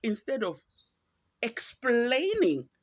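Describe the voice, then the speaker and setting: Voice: medium pitch, wildly swooping pitch, slow pace, dry recording. A podcast host from Zimbabwe, with a Zimbabwean accent, giving earnest, reflective and pointed solo commentary. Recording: dull lo-fi, dry.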